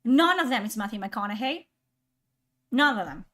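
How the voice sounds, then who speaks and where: A woman's voice: fairly high pitch, lively intonation, moderate pace, a bit bright. A woman live streamer in casual chat, exasperated and swearing often.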